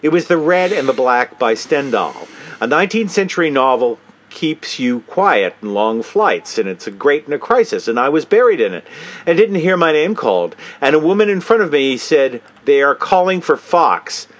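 A man's voice: fairly high pitch, big pitch swings, normal speed. A man hosting a comedic commentary, mocking and swearing casually while reading a statement aloud. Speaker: host.

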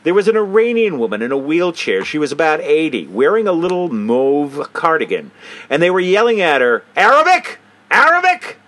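Man, host, lively swooping voice, slightly high, mocking, casual swearing. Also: brisk. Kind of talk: comedic commentary, reading a statement aloud.

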